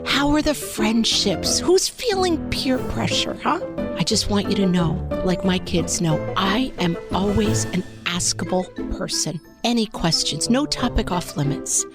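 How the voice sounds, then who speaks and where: A woman's voice: mid-range voice, lively intonation, unhurried, over music, close to an everyday voice. A woman playing a mom who pushes awkward heart-to-heart talks on her kids in a comedy sketch. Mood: coaxing. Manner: forcedly casual, coaxing, drawn out.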